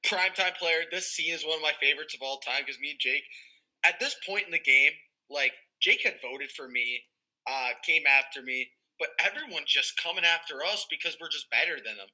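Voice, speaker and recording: Young male panelist, very bright, slightly high voice, animated storyteller with lots of fillers. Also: normal speed, poor audio. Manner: animated storytelling, heavy "like" fillers, swears freely. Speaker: podcast panelist, former player. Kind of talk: casual chat.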